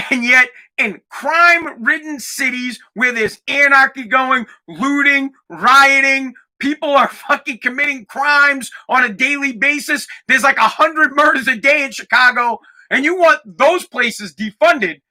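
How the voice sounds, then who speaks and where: A man hosting a podcast, delivering a heated, profane rant that sometimes rises to shouting. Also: very high-pitched. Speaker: podcast host. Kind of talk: ranting podcast monologue.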